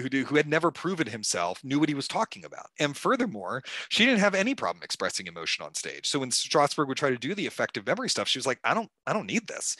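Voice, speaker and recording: A man being interviewed as an author, telling history in a lively conversational way with many fillers and restarts. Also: medium pitch, no room sound. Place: stage talk at a club event.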